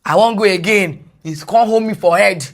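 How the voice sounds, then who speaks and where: A Nigerian woman, a guest on a podcast, retelling a personal story in animated English mixed with Pidgin. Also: mid-range voice, normal speed.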